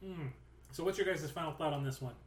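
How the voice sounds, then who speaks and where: A man hosting a podcast in casual chat, relaxed and prone to trailing off and restarting. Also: fairly high pitch, fairly quick, slight background noise. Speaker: podcast host. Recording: roomy echo.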